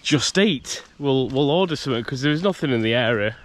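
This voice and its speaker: A man with a medium-pitched, fairly bright voice vlogs while strolling around a rural lochside campsite, slightly congested from a cold. He's expressive and a little fast, chatting and rambling with frequent restarts and laughter.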